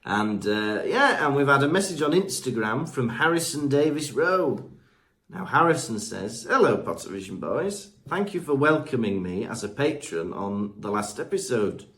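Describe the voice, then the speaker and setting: A man co-hosts a podcast over a remote mic, reading listener reviews in a chatty way, full of fillers and tripping over names. His mid-range voice is very animated and a bit bright, at a moderate pace.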